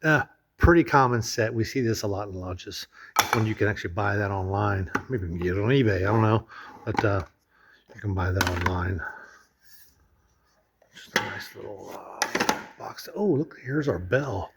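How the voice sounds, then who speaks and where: A man's voice: on the low side, moderate pace, creaky, heavy background noise. A man chatting casually as he tours a lodge room, rambling with lots of fillers and restarts. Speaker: vlogger touring a lodge. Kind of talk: casual walkthrough narration.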